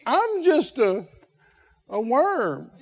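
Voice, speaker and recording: A man's voice: extremely high pitch, wildly swooping pitch, extremely slow, vocal fry, breathy edge, exaggerated voice. A man preacher voicing a timid male employee who whines and stammers that he cannot go and do the job. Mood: pleading. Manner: pleading, whining, falters and stammers.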